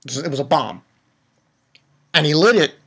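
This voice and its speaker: A man giving an excitable, profane casual recap of an anime episode, with lots of restarts. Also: on the high side, moderate pace, breathy edge. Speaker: anime reviewer.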